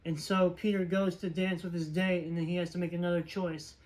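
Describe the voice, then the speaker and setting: A man with a notably high voice talks through a film's story in a loose, chatty recap. He wanders from scene to scene and fills the gaps with plenty of filler words, like an informal reviewer talking straight to the camera. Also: flat delivery, fairly quick, darkish tone, rough recording. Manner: rambling, filler-heavy retelling. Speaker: movie reviewer. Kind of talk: casual movie plot recap.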